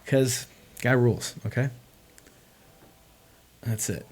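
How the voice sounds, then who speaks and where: A young man chatting casually on a livestream, rambling and excitable, with lots of filler words. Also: mid-range voice, takes it slowly. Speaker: streamer.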